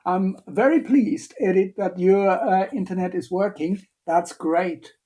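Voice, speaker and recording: A man's voice: high voice, unhurried, mellow. A man giving a live-streamed biochemistry lecture, talking hesitantly with many fillers and playful asides while he answers questions from the chat.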